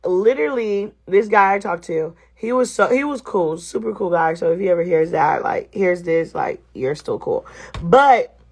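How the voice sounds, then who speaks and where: A woman's voice: fairly low pitch, expressive, moderate pace, darkish tone, slightly rough. A woman vlogger chatting casually and expressively straight to her viewers. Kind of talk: casual vlog chat to viewers.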